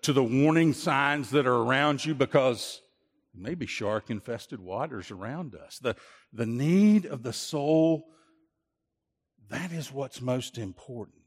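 A man's voice: mid-range voice, measured pace, breathy edge, in a large hall. A man pastor preaching a sermon, earnest and repetitive, often restarting his phrases. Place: church.

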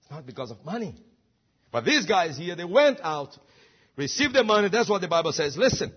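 A man's voice: high-pitched, very animated, fairly quick, slightly rough, highs cut off. A man preaching a sermon, emphatic and full of rhetorical questions. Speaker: pastor.

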